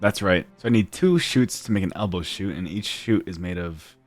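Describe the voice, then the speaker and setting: A young man giving casual gameplay commentary, talking to himself, muttering quietly at times and breaking into loud excited shouts. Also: sits low, moderate pace, faint music behind. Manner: drops to near-whispered mutters while working. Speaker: gaming YouTuber.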